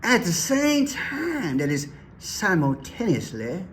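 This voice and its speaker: A man's voice: sits high, huge pitch swings, slow, a bit bright, a little hiss or hum. A man giving casual, joking commentary, folksy and talking straight to his viewers. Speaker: commentary vlogger.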